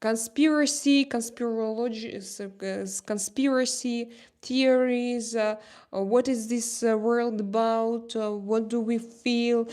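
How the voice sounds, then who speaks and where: A woman with a Slavic accent hosting a casual livestream chat, answering viewers' comments in halting, animated English full of restarts. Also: on the high side. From Slavic country. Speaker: livestream host.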